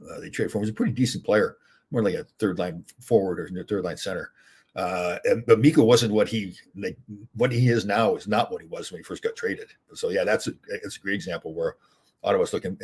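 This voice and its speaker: An older man hosting a casual live chat, answering viewer questions in a relaxed, rambling way. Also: on the low side, husky. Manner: relaxed, rambling, thinking aloud.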